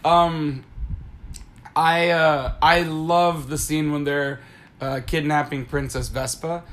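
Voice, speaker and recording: A man in casual chat with a somewhat high voice, rambling loosely from thought to thought. He stammers and restarts his sentences often and laughs easily as he talks. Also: steady tone, slow, fairly bright tone.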